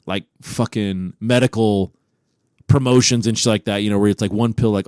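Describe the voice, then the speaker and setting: A young man co-hosting a podcast, telling a crude story with lots of swearing and jumping into a high voice for quoted lines. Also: brisk, darkish tone, dry recording, studio quality. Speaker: podcast co-host. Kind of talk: crude casual podcast chat.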